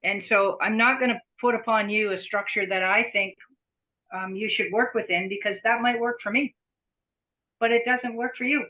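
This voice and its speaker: Bright-voiced middle-aged woman, dull lo-fi recording. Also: mid-range voice, steady tone, moderate pace. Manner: earnest, repeats words while searching for them. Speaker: executive director, podcast guest. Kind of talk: reflective conversation. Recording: dull lo-fi sound.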